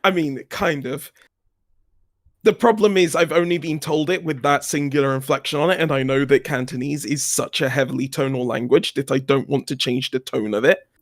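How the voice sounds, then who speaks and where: A man's voice: medium pitch, fairly even intonation. Wry man, casual tech co-host. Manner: wry, joking asides, drawn-out phrasing. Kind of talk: casual chat over a video call.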